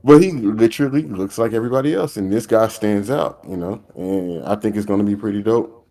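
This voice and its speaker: A man's voice: lowish voice, a little fast, warm tone. A man co-hosting a gaming podcast, talking loosely and casually about his views in slang. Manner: loose, slangy opinion talk. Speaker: podcast co-host.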